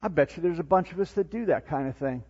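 A husky-voiced man preaching from a pulpit, his voice pitched a little high and pushing hard on the big moments before falling quiet. The sound is dull and lo-fi, with a long reverb trailing through a large church hall. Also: fast talker. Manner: animated preaching, rising to near-shouts then dropping low and soft. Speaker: pastor. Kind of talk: sermon.

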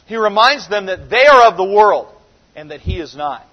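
Pastor, man, 30s, high-pitched, emphatic and chatty delivery, dull lo-fi capture. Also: animated, normal speed. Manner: emphatic, conversational preaching. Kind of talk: sermon. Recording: dull recording with long reverb in a large hall.

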